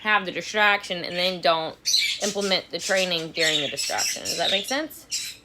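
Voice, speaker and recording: In a casual livestream from home, a woman dog trainer talks candidly while getting ready, often repeating herself. Her lowish voice is expressive at a normal speed. The recording, from a phone or camera at arm's length, is very noisy.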